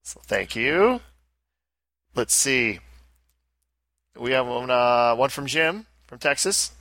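Australian man, podcast co-host, bright voice, dry close sound. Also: mid-range voice, animated, slow pace, no echo. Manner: chatty, reads listener mail aloud. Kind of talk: casual podcast chat.

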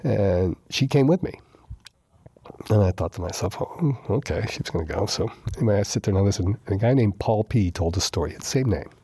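Husky, mellow-voiced man telling his story. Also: fairly low pitch, fairly quick, dry recording, studio quality. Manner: animated retelling, acts out quoted dialogue, repeats himself for emphasis. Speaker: guest sharing his recovery story. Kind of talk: casual storytelling interview.

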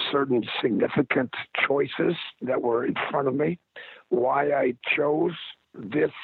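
Male guest, strained husky voice, dry phone-line sound, halting delivery. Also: mid-range voice, dry recording. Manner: halting, many restarts. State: strained, hoarse voice. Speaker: podcast guest, actor. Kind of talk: casual interview.

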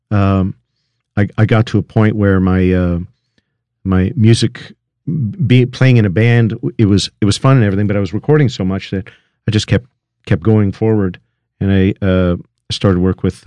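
A man's voice: low voice, warm tone, dry recording, lo-fi sound. A middle-aged man, a recording engineer, telling how he got started in an interview, with frequent restarts and fillers. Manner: halting, many restarts and fillers. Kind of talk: storytelling interview.

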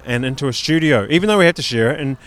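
A man's voice: mid-range voice, lively intonation, rapid-fire, a bit bright. A man co-hosting a podcast outdoors on a city street, rambling casually with lots of fillers. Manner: rambling, chatty, many fillers. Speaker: podcast co-host. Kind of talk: casual chat.

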